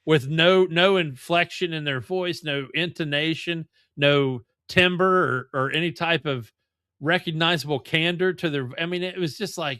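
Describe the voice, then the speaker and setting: A man's voice: a little high, a little slow, bright, forceful tone, clear, resonant tone, dry recording, clean studio sound. A man co-hosting a casual gaming podcast, talking bluntly and sounding exasperated, with casual swearing. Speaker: podcast co-host.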